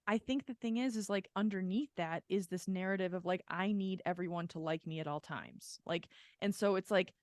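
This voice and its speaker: A woman's voice: mid-range voice, normal speed, few pauses, darkish tone, no echo, clean studio sound. A woman co-hosting a podcast in casual chat, talking candidly and at length, full of "like" fillers and frequent swearing. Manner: candid, rambling, heavy "like" filler, swears freely. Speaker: podcast co-host.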